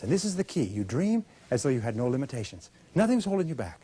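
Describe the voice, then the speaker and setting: Man, motivational seminar talk, emphatic, rhetorical questions, dark tone, husky. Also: mid-range voice, sing-song, fast. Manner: emphatic, rhetorical questions, has the audience repeat lines. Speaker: motivational speaker.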